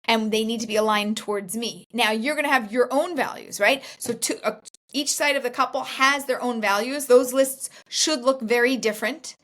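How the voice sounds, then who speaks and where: An enthusiastic woman talks about her matchmaking work with eager emphasis, repeating words to drive a point home. Her voice sits a bit high for a woman. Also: fairly bright tone. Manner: enthusiastic, emphatic, laughs while telling stories. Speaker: matchmaker and author, guest. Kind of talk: conversational interview.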